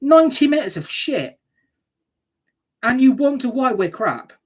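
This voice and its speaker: A woman's voice: high voice, very animated, a little slow. A woman ranting angrily as a football fan reacting to a match, sweary and scornful.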